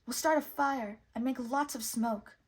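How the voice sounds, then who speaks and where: A woman reading a storybook aloud, voicing an eager, earnest wooden puppet boy in a raised, slightly husky voice. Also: high-pitched, a little slow. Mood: determined.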